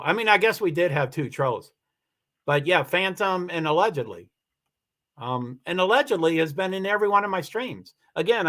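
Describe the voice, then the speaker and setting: A man with a slightly higher voice hosts a casual livestream over a computer mic. He rambles and restarts his sentences as he answers viewer comments, upset and close to tears. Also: fairly bright tone. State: emotional, near tears. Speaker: livestream host. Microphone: computer mic for a live stream.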